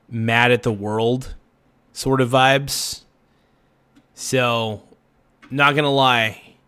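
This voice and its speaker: Rambling male livestream host, mid-pitched. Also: pushed and bright, clean tone. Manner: rambling, self-reflective, trailing off with fillers. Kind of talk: casual late-night livestream chat.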